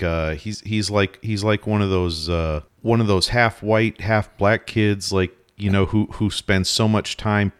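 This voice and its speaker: Very deep-voiced rambling man. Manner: rambling, frequent restarts, wry. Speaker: podcast co-host. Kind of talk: casual chat.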